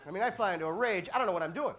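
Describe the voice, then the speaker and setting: A man doing a stand-up comedy routine on a club stage, deadpan setups that burst into shouted punchlines. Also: high-pitched, racing, a little hiss or hum. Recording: live club audience laughing. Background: audience laughter and applause.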